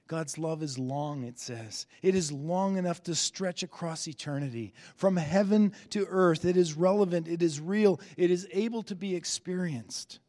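Male pastor, slightly high voice, earnest sermon delivery, long hall reverb. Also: moderate pace, hardly any pauses. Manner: earnest preaching, rises on key phrases, drops to soft endings.

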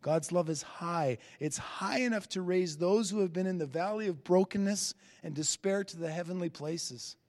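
A man's voice: high-pitched, normal speed, hardly any pauses. Earnest preaching man in a reverberant hall. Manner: earnest preaching, rises on key phrases, drops to soft endings. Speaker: pastor. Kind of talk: sermon.

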